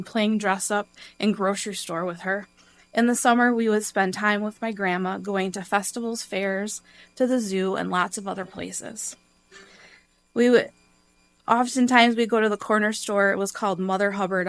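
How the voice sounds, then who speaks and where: Earnest woman reading a heartfelt tribute. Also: mid-range voice. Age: adult. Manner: earnest, emotional, tearful at times. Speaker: congregation member giving a tribute. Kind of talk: reading a prepared personal tribute. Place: church sanctuary.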